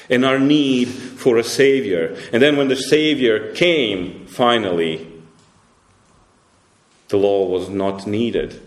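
A man preaching a sermon as pastor, emphatic and repetitive, climbing up in pitch when he presses a point and dropping quiet for grave lines. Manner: emphatic, repeats words and restarts, rises sharply when stressing a point. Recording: roomy echo.

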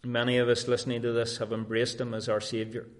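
A man's voice: mid-range voice, completely flat delivery, fast talker. Earnest preacher man. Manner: earnest, emphatic preaching with varied emphasis. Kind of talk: sermon.

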